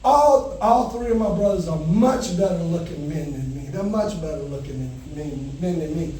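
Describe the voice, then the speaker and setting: Stand-up comic, man, high voice, warm tone, distant mic in a reverberant venue. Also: normal speed, a little hiss or hum. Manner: animated storytelling, shouting in panic bits. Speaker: stand-up comedian. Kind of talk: stand-up comedy set. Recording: echoey venue heard from a distance.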